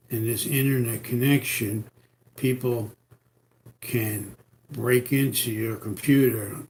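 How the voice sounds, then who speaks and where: A man with a New York accent and a deep voice, giving rambling, repetitive computer security tips on a live stream. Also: darkish tone, a little hiss or hum. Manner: rambling, repetitive, folksy advice. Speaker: computer repair host. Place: home in Florida.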